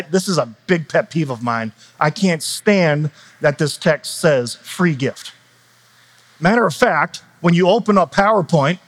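A man in his thirties preaching in a church, telling stories in a loose, conversational way with laughs and asides. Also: high voice. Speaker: pastor. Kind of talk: sermon.

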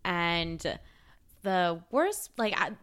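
A woman's voice: lowish voice, sing-song, extremely slow, fairly bright tone, clear, resonant tone. A young woman co-hosting a podcast, chatting casually with a playful, joking manner. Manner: playful, jokey banter. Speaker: podcast co-host. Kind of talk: casual chat.

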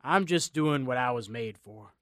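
A man's voice: medium pitch, animated, moderate pace, no echo, clean studio sound, voice pushed down, close to an everyday voice. A man voicing a determined young man who fights giants, speaking in a fierce growl. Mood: grim.

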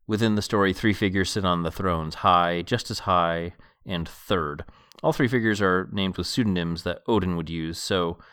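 A man hosting a podcast, reading a novel aloud in a calm, measured way and then chatting about the page. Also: on the low side, clean tone, dry recording, clean studio sound. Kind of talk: book reading and commentary.

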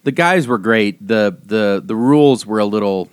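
A man's voice: lowish voice, moderate pace, clean tone, no echo, clean studio sound. A man in his thirties, a priest co-hosting a podcast, telling rambling anecdotes full of fillers and restarts. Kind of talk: casual podcast chat.

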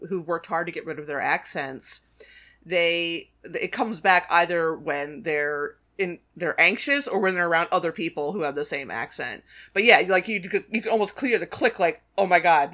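A man's voice: high voice, sharp tone. A man co-hosting a podcast, talking casually and animatedly about a film, with many restarts and fillers. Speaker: podcast co-host.

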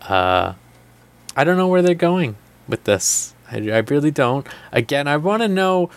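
A man's voice: a little high, expressive, a little slow. Casual male podcast co-host, rambling delivery, acts out quotes in passing. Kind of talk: casual anime discussion.

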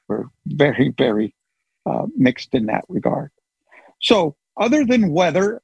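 A man's voice: mid-range voice, creaky, darkish tone, husky, no echo, lo-fi sound. A man hosting a group call, chatting casually and joking at his own expense. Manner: chatty, joking, self-deprecating. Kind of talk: casual chat.

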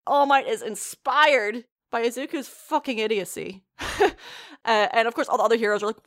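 American woman, casual podcast chat, a bit high-pitched, swears a lot, laughs a ton. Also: lively intonation, a little fast, a bit bright. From United States. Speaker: podcast co-host reacting to an anime.

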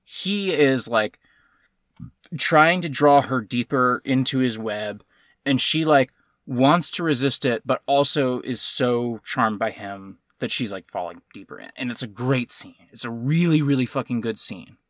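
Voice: mid-range voice, animated, a little slow, fairly bright tone, no echo, clean studio sound. A podcast co-host ranting about a film in casual chat, swearing often and sounding exasperated.

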